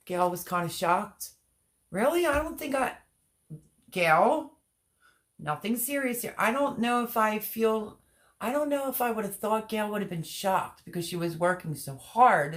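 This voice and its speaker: A woman's voice: on the low side, a bit bright. A woman hosting a live stream, chatting casually and reading out viewers' comments while greeting them by name. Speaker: livestream host.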